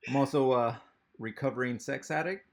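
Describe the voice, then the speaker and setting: A man doing a stand-up comedy set over a video call, rambling and halting, with lots of fillers. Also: mid-range voice, very noisy.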